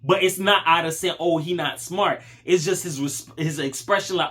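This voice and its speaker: A man's voice: on the high side, normal speed, sharp tone. A man hosting his channel, giving a casual motivational talk in slangy street speech, calling the listener dog and bro. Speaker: channel host.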